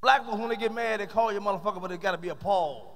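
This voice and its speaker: A middle-aged man doing a loud, profane stand-up comedy set on a large theater stage, shouting his punchlines. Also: sits high, rapid-fire. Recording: live concert hall reverb.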